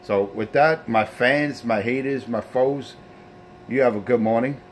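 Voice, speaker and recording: A man's voice: medium pitch, a little slow, slight background noise. A man hosting his own CB radio show, taunting rivals and preaching in a boastful way. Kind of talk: trash-talking radio sign-off.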